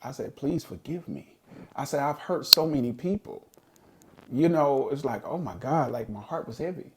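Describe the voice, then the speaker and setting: A man's voice: medium pitch, normal speed, slight background noise. A middle-aged man and podcast co-host, telling a personal story in an earnest, reflective way during a casual chat.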